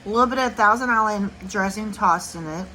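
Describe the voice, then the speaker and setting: A woman's voice: mid-range voice, fairly quick, bright, forceful tone, slight background noise, poor audio. A woman co-hosting a casual home chat over a meal, chatty and affectionate as she talks about food and prices. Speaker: co-host.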